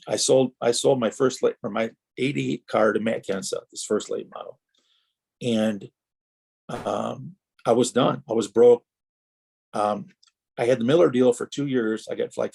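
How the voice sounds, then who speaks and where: A slightly rough, creaky mid-range voice with a darkish tone belongs to this Wisconsin man, a longtime racer now retired. As a podcast guest he tells meandering anecdotes, often starting over and acting out quoted dialogue.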